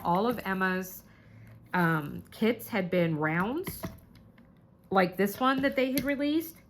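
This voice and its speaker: A woman chatting casually to her viewers about crafting kits, bubbly and gushing, squealing whenever she gets excited. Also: mid-range voice. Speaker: crafting vlogger.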